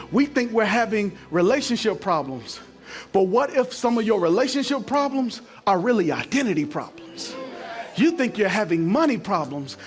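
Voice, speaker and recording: A middle-aged male pastor preaching a sermon to a church congregation, using call-and-response and building up to shouting. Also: high-pitched. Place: church sanctuary.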